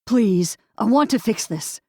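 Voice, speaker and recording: A woman's voice: a little high, animated, a little slow, warm tone, slightly rough, dry recording, studio quality. A woman voicing an anxious young man who pleads earnestly to make amends. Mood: pleading.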